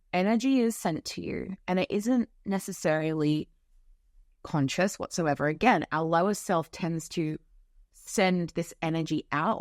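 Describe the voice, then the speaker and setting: Low-voiced woman hosting a spiritual podcast. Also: no room sound, clean studio sound. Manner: frank and profane, with frequent fillers. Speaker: podcast host. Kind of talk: casual spiritual talk.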